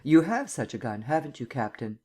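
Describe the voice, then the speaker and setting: A man's voice: medium pitch, very animated, a little fast, warm tone, husky. A man reading a cold, formal prosecutor. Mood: cold, probing. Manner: level, cold questioning. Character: stern district attorney, cold and formal.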